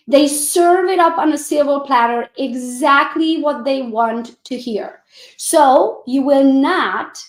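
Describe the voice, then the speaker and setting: A woman coaching real estate agents, who talks fast and a lot and acts out sales calls in a bubbly voice. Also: high-pitched, reverberant. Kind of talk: coaching presentation.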